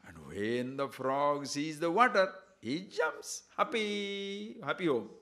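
A man giving a spiritual discourse, telling a fable in an animated way and checking in with his listeners as he goes. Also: on the high side, slow. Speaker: spiritual teacher.

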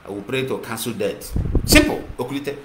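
A man's voice: mid-range voice, huge pitch swings, brisk. A man with a Nigerian Igbo accent giving an impassioned monologue, mixing English and Igbo and repeating himself. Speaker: activist broadcaster. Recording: echoey room with clear noise.

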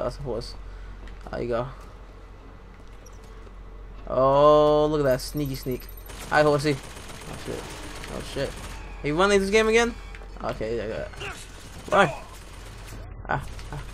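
A young man giving casual, excitable gameplay commentary, swearing and talking to himself as he plays. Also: medium pitch, slight background noise. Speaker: let's play gamer.

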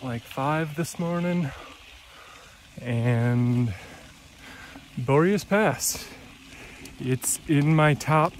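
A man's voice: medium pitch, a little hiss or hum. A man vlogging outdoors on a mountain pass, talking candidly and hesitantly, with many fillers and restarts. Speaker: bikepacking vlogger. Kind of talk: casual self-filmed vlog.

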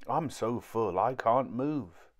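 A man's voice: medium pitch, lively intonation, slow. A man reading a storybook aloud, voicing a joking young boy. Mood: teasing. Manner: sleepy, teasing.

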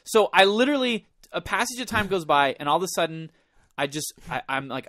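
A man co-hosting a podcast, telling a story in casual chat, animated and profane, acting out his own panicked thoughts. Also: sits high, fairly quick, no echo, studio quality. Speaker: podcast co-host.

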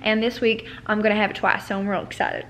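A woman's voice: medium pitch, quick pace. A woman in her twenties with a Southern US accent, chatting casually and telling stories to the camera in a vlog. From Georgia, USA. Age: 20s. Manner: chatty, animated storytelling. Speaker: vlogger.

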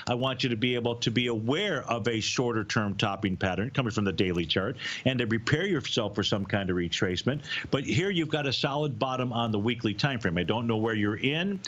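A man's voice: mid-range voice, a bit bright, muffled recording. A man hosting a live market analysis show, answering viewer questions and explaining charts step by step.

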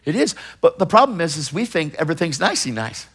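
A middle-aged man preaching a sermon with emphatic urgency, swinging between loud pushes and hushed asides and acting out the voices of people in his stories. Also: on the high side, very animated, fast talker, husky. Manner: acts out others in quoted voices while storytelling.

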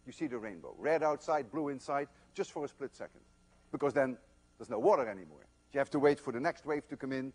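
An older man giving a university physics lecture, telling stories in an animated, emphatic way. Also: a little high, quick pace. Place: lecture hall.

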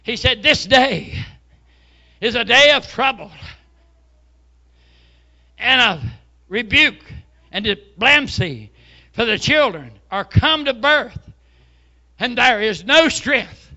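Fervent older pastor, high bright voice. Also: male voice, expressive, takes it slowly, vocal fry, pauses often, muffled recording. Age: 70s. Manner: fervent preaching with shouted hallelujahs. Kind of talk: sermon.

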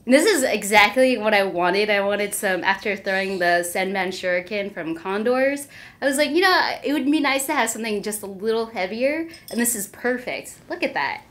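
A young woman in a casual unboxing vlog, excitable and gushing, squealing and gasping as she opens gifts. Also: medium pitch, normal speed.

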